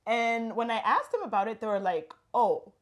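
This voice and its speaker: A woman's voice: on the high side, big pitch swings, a little fast. A woman in her thirties from Latin America, hosting a casual chat and telling stories with quoted dialogue and laughter. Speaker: host.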